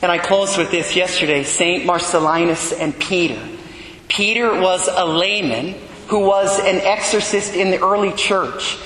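A man's voice: sits high, a little slow, fairly bright tone, echoey room, long reverb tail, low-quality recording. A man giving a homily as a priest, earnest and conversational, often checking in with "right?".

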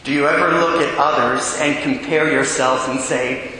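A man's voice: medium pitch, fairly even intonation, moderate pace, bright, forceful tone. A male Catholic priest giving a homily, earnest, asking his listeners many direct questions. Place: large church. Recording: very echoey church with long reverb.

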